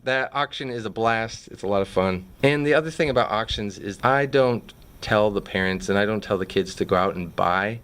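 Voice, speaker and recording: Low-voiced male teacher. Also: normal speed, few pauses, smooth. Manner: relaxed, chatty, frequent fillers. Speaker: fifth grade teacher. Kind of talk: explanatory classroom video.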